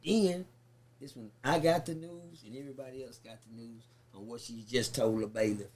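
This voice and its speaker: A man, telling a story in a sit-down interview. He talks in an animated, profane way and acts out the people he quotes. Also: mid-range voice, brisk. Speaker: guest.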